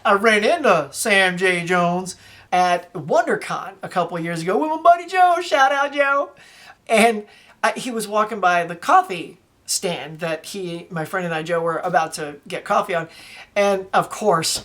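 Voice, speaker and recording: A woman, chatting casually while showing off her movie collection, wandering off topic now and then. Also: lowish voice. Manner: chatty, animated, says "y'all", wanders off topic. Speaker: collector vlogger. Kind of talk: casual show-and-tell vlog.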